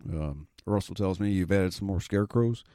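A man's voice: deep voice, moderate pace, dark tone, no echo, studio quality. A man hosting a comedic radio show as fill-in, rambling and wisecracking. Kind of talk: comedic radio play narration.

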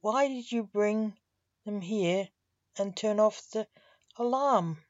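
A woman voicing Blake, a male king of grim reapers, with a slow, measured delivery in a storybook reading. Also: medium pitch, no room sound, natural voice. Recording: dull, dry lo-fi audio.

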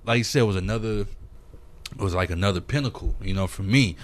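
A man's voice: on the low side, a little fast, no echo. A man from Minnesota, a music producer, talking as a guest on a podcast in a loose, profane storytelling way. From St. Paul, Minnesota, USA. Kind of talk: casual podcast conversation.

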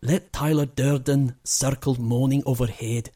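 A grieving poet with a put-on Scottish accent, done by a man for laughs. He recites slowly and darkly, each line weighed down. His voice is husky and mellow. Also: medium pitch, fairly even intonation, pitched above the performer's own voice, lightly acted. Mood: mock-solemn. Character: man mock-mournfully reciting a funeral poem. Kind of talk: dramatic poetry reading.

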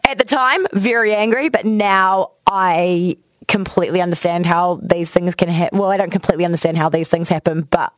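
A woman's voice: moderate pace, no echo. A woman, a radio host telling personal stories in casual chat, acting out quotes with big jumps in voice. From New Zealand. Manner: animated, acts out quotes with big pitch jumps. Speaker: radio host, podcast guest.

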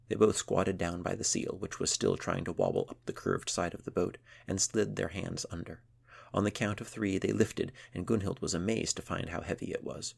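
A man narrating a children's adventure story in a measured storytelling manner. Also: low voice, lively intonation, vocal fry, husky. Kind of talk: scripted narration.

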